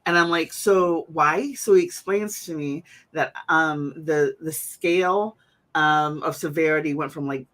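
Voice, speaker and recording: A woman's voice: low-pitched, unhurried, fairly bright tone. A woman hosting a casual conversation, chatty, with many fillers and restarts. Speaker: host.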